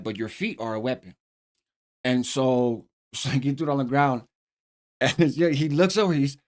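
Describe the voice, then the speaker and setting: A middle-aged man with a mid-pitched, everyday voice tells a story in relaxed street slang. He keeps checking in with the listener, dropping a quick "right?" between his sentences. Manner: streetwise slang, frequent "right?" tag questions. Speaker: host telling a prison story. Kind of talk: casual storytelling.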